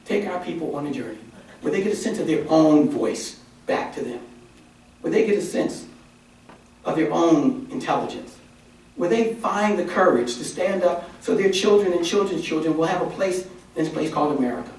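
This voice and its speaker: A man giving a conference talk as a community organizer, telling a story in an animated, folksy, emphatic way. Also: a little high, normal speed. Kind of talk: conference speech. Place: conference hall. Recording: echoey hall from far off.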